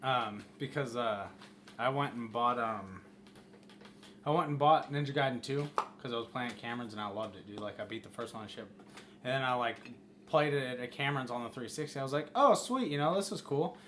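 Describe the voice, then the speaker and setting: A man co-hosts a podcast in easygoing, casual chat, swearing often and tossing out "dude". His voice sits at an ordinary middle pitch, with faint noise behind it. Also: brisk, a bit bright. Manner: swears a lot, says "dude". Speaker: podcast co-host.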